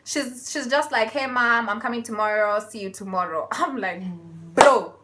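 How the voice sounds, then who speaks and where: A young woman vlogging a casual storytime, animated and laughing as she acts out the people in it. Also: a little high, moderate pace.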